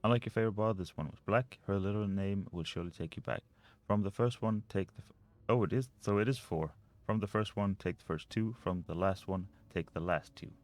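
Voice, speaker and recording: Deep-voiced man reading game letters aloud. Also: brisk. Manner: reads notes aloud, then mutters to himself over puzzles. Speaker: let's play gamer.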